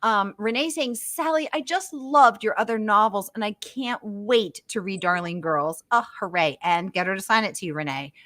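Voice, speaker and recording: A woman's voice: mid-range voice, fairly bright tone, no echo. A woman hosting a livestream author Q&A, chatting bubbly and gushing as she reads viewer comments. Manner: bubbly and gushing, quick asides, frequent laughs.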